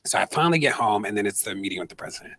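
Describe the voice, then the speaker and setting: Male activist speaker, 30s, husky, animated storyteller who acts out the people he quotes. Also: lowish voice, very fast, no echo. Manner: animated, quotes people in put-on voices, conversational with fillers. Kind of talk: storytelling on stage, answering audience question. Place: stage at an event.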